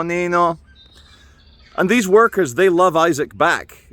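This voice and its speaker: A man's voice: a little high, fairly bright tone, no echo. A man rambling through a wry, meandering vlog monologue, musing aloud with asides while out on a walk and filming himself. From Britain. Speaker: video blogger. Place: outdoors on a walk.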